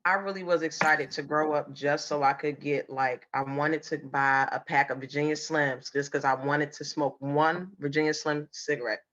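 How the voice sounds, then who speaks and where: A woman's voice: low-pitched, steady tone, normal speed, few pauses, fairly bright tone. A woman co-hosting a podcast in casual chat, teasing and playful, laughing often while sick. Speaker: podcast co-host. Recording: slightly dull lo-fi sound.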